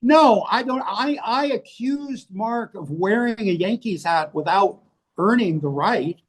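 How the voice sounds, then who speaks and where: Older american guy, kinda high voice, swears a lot, brutally honest interview chat. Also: animated, a little slow, breathy edge. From United States. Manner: blunt, profane, self-mocking. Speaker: interview guest, author. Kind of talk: candid casual conversation. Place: rainy place indoors, rain outside.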